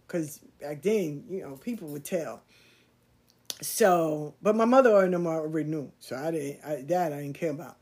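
A middle-aged woman casually telling a story from her life, quoting people in a lively slangy voice. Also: lowish voice.

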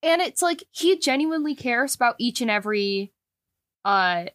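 Higher-voiced woman, dry and close. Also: lively intonation, normal speed, a bit bright, no room sound. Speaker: podcast co-host. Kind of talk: casual fan discussion.

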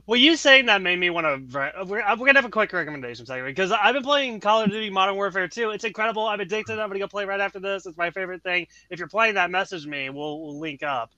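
A man hosting a casual podcast, joking around and laughing between quick asides. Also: high-pitched, animated, pushed and bright, no room sound. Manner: laughing, quick asides, self-mocking jokes. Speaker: podcast host. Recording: dull lo-fi audio.

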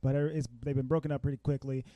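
A man's voice: mid-range voice, little pitch movement, racing, dry recording, muffled recording. A young adult man co-hosting a podcast, retelling scenes in a laid-back, slangy way. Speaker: podcast co-host. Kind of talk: casual chat.

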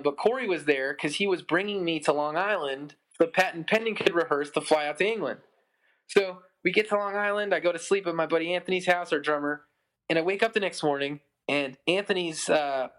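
A man in his thirties, a musician, telling a long story in a casual podcast chat, full of "like" and acted-out quotes. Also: fairly high pitch. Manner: rambling, lots of "like", animated quoting. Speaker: musician guest.

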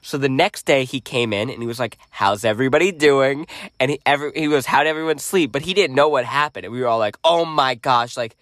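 A young man with a mid-pitched voice chats on a podcast, steering the story and adding quick asides. The sound is dry and close to the mic. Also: a bit bright, no room sound. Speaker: podcast co-host. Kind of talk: casual storytelling chat.

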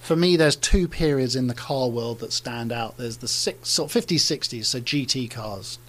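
A middle-aged man with an ordinary mid-pitched voice tells stories in a casual interview. He sounds animated, laughs often and restarts his sentences. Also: moderate pace. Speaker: car designer, guest.

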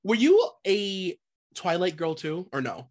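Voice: medium pitch, very animated, a little slow. A podcast co-host chatting casually, reading gossip items and laughing often. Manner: laughs often, loose and joking, swears casually.

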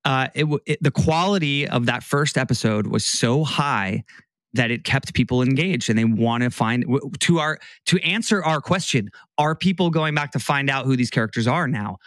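A man's voice: medium pitch, lively intonation, moderate pace, a bit bright, no room sound. Give me a man co-hosting a podcast, rambling in casual chat, dry sound. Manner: rambling, restarts a lot. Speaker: podcast co-host.

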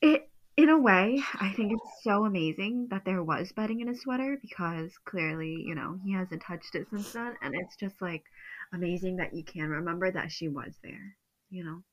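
A woman's voice: fairly low pitch, moderate pace, muffled recording. A woman who is a podcast guest, comforting and upbeat in casual chat, laughing often.

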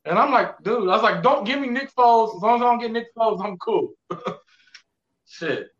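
A man on a casual sports podcast, telling animated stories full of slang and cursing. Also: sits high, normal speed. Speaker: podcast co-host. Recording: echoey room, lo-fi.

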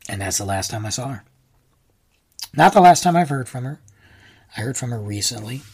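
A man hosting his own show, telling a rambling personal story in a casual, animated way that jumps high for excited reactions. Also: fairly quick, slightly rough. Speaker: podcast host.

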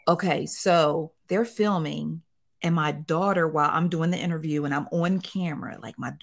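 Woman, middle-aged, lower voice, lively storyteller, acts out quotes. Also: normal speed, vocal fry. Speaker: guest, site owner. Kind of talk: casual storytelling interview.

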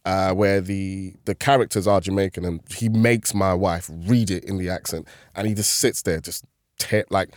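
A comedian chatting casually as a podcast guest, telling animated stories and laughing often. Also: male voice, low voice, moderate pace, no echo, clean studio sound.

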